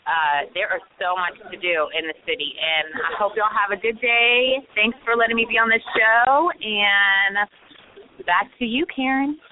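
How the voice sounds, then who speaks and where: A woman chatting about local events as a radio guest, upbeat and hurried with lots of fillers. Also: mid-range voice, steady tone. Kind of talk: casual radio chat. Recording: phone-like line.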